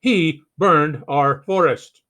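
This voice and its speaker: A man voicing a bossy, hot-tempered storybook king while reading a picture book aloud, in an indignant, shouting manner. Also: fairly high pitch, slow.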